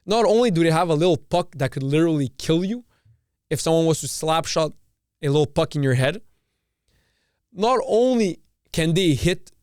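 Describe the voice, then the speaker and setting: A man's voice: on the high side, animated, moderate pace, pauses often, a little mellow, clean tone, no echo, studio quality. A man from Canada hosting a podcast, ranting in a casual monologue, swearing often and restarting phrases. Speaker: podcast host.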